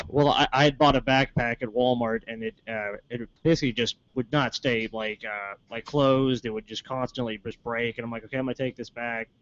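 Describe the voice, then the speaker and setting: A man co-hosting a call-in podcast, telling stories fast and animatedly. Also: mid-range voice, fairly even intonation, a bit bright, highs cut off. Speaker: podcast co-host. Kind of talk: casual storytelling chat.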